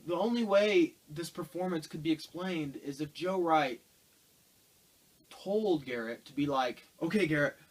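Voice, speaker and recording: A man's voice: a little high, a little slow, rough recording. A man giving a casual, ranting film review, exasperated and sarcastic as he rambles through his complaints.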